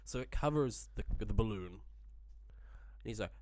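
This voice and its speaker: A man's voice: lowish voice, lively intonation, moderate pace, a little mellow, no echo. A man telling an awkward story on a podcast, wry and swearing as he builds suspense. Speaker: podcast co-host. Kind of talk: casual storytelling chat.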